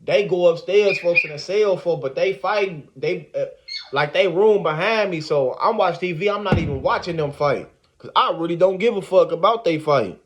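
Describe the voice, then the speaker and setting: Man, high-pitched voice, casual storytime, animated and slangy, repeats filler words. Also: normal speed.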